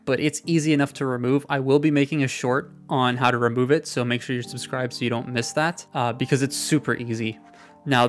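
A man talks through a toy review in a chatty, offhand way, tossing in sarcastic asides. His voice sits at an ordinary middle pitch, close on a desktop mic. Soft guitar music plays quietly underneath. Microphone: desktop USB mic.

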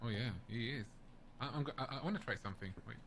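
A man's voice: mid-range voice, quick pace, fairly bright tone, a little hiss or hum. A young man playing a game with a friend on stream, hesitant, stammering and repeating himself. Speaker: co-player. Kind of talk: casual gaming chat.

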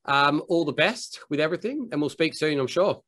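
A man's voice: a little high, lively intonation, brisk, fairly bright tone, no echo. A man with an Australian accent hosting a casual interview, chatty, calling his guest mate with plenty of ums. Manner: chatty, says mate a lot, many ums. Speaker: host.

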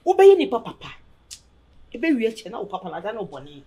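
An actress playing an indignant Ghanaian woman in a drama, fed up with a guest who has overstayed. She speaks emphatically and scolds. Her pitch swings widely from line to line. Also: very animated, quick pace, dark tone, slightly rough. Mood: scolding. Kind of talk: dramatic dialogue.

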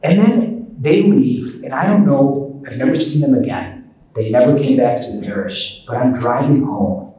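A man, a priest, tells a story in a relaxed, self-deprecating way, with frequent asides. His voice sits at an ordinary pitch. It is heard from a distance in a big, echoing hall. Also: normal speed. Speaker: priest giving a retreat talk. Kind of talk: storytelling sermon. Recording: echoey hall, voice from far off.

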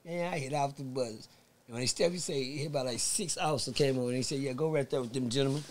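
A man's voice: medium pitch, fast, slight background noise. A man from Texas, a podcast guest telling a story in casual, profane talk, acting out the voices of the people in it. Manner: profane, animated, acts out voices in his stories.

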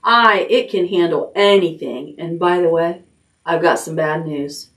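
A woman voicing a gluttonous male rat with a husky, hoarse voice and slow, gloating delivery. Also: on the low side, fairly bright tone. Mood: taunting.

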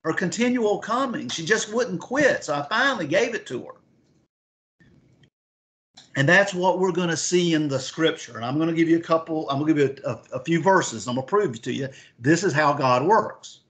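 A man's voice: fairly high pitch, animated, normal speed, a bit bright. A man teaching a Bible lesson, reading scripture aloud and asking his listeners questions. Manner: asks the class questions, reads scripture aloud.

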